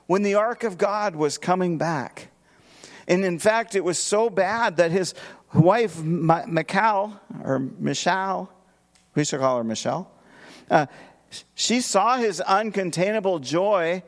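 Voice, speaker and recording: Higher-voiced man preaching a sermon. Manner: emphatic, with rhetorical questions to the congregation. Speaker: pastor. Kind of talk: expository sermon.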